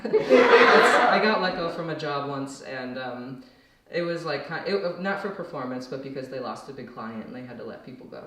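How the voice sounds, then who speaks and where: A young woman from the rural Midwest doing a stand-up set, rambling and self-deprecating with lots of fillers and restarts. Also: sits low. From rural Minnesota / Wisconsin. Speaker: stand-up comedian. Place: comedy venue with audience laughter. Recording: very echoey distant room mic, loud noise. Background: audience laughter.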